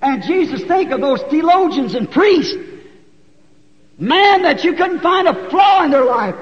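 A man preaching a sermon in a church. He tells the story in a folksy, animated way and rises to shouts. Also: very high-pitched, a little slow. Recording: dull 1960s church tape with long reverb.

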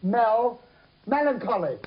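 A man's voice: very high-pitched, lively intonation, a crowd in the background. A man playing charades on a game show, eagerly firing off guesses. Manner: eager rapid-fire guessing. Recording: muffled noisy old TV audio.

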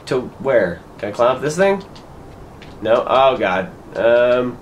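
A man's voice: medium pitch, animated, slow, pauses often, fairly bright tone, a little hiss or hum. A young man giving casual let's-play commentary, muttering to himself and swearing often in frustration. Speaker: gaming commentator.

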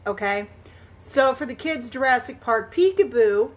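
A chatty woman with a high voice hosts a live crafting stream. She greets her viewers one by one and laughs easily as she talks. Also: expressive, a little slow. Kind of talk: casual live-stream chat while crafting.

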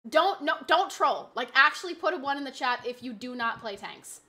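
A woman's voice: sits high, animated, moderate pace, bright, forceful tone. A young woman streamer chatting casually to her live chat, giggly and talkative, at a desk mic. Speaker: game streamer.

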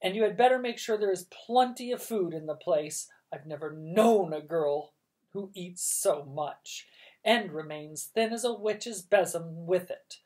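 A woman voicing a rich, bossy elderly great-aunt who issues orders in a loud, haughty way. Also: fairly low pitch, unhurried, voice pushed up, natural voice. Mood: imperious.

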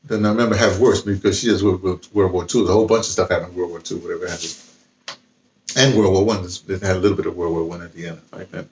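A man with a low voice talks casually about novels he has been reading. He rambles and restarts his sentences often. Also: steady tone, fast, darkish tone, slight background noise. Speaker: vlogger. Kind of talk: casual book talk with reading aloud.

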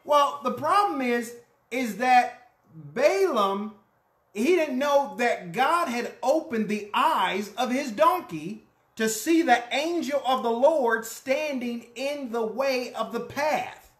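A pastor delivers a storytelling sermon, voicing each character's lines as they come up. The pitch swings widely from phrase to phrase. The voice rings with the echo of the room. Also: slow pace. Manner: animated, acts out the characters' lines. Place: church.

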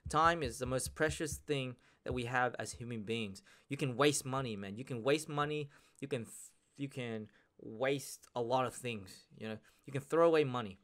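A man's voice: mid-range voice, moderate pace, fairly bright tone. A man hosting a podcast, ranting in a casual monologue, swearing and repeating himself as he presses his points. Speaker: podcast host.

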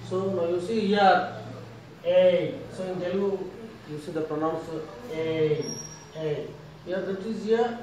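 A man's voice: sits high, a little slow. A man teaching pronunciation, repeating each word many times and correcting mistakes. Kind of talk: classroom phonetics lesson with word drills. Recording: echoey room recorded from far off with faint noise.

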